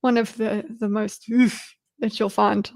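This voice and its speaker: A woman's voice: medium pitch, level tone, a little slow, vocal fry, darkish tone. A woman streamer giving casual live commentary on a debate, thinking aloud with frequent restarts.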